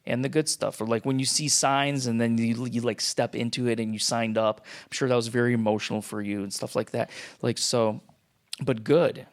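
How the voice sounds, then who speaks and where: A man's voice: medium pitch, steady tone, normal speed. A man hosting an interview, talking supportively with frequent affirmations and a few stammered restarts. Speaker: podcast host. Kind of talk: casual interview chat.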